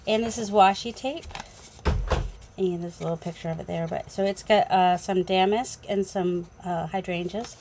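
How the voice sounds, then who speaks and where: Casual New England woman, mid-pitched, rambling crafter hosting her own channel on a phone mic, faint hiss. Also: darkish tone. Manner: chatty, rambling, thinking aloud with many fillers. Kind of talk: casual unboxing chat.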